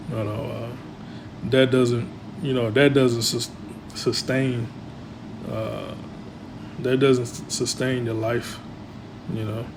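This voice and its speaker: A man of middle pitch talks through religious commentary in a loose, rambling way, trailing off quietly and packing in fillers. A clear hum runs steadily behind him.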